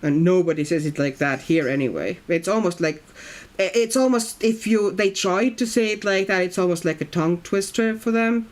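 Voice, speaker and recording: A woman's voice: lowish voice, normal speed, few pauses, darkish tone. A woman streaming while she colors, chatting casually and reading her viewers' comments aloud. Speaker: coloring livestreamer. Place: at home in Brazil.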